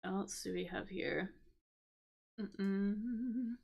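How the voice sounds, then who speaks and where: A woman's voice: medium pitch, lively intonation, takes it slowly, highs cut off. A woman teaching English on a live stream, thinking aloud and explaining words as she solves a crossword. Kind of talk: casual live-stream lesson.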